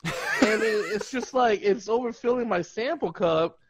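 A man's voice: sits high, a little slow, crowd noise. A man telling a funny story in casual podcast chat, laughing and acting out what people said. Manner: animated, laughing, acts out quotes. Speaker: podcast host.

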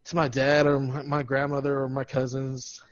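A man's voice: mid-range voice, flat delivery, moderate pace, no room sound, lo-fi sound. A man co-hosting a podcast, telling stories in casual chat with quoted dialogue and frequent laughter. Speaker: podcast co-host.

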